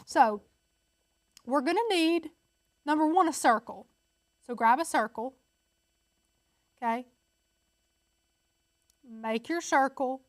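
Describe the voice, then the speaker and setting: A woman's voice: on the high side, dry recording, studio quality. A woman hosting a casual step-by-step crafting tutorial, chatty and upbeat, talking straight to her viewers.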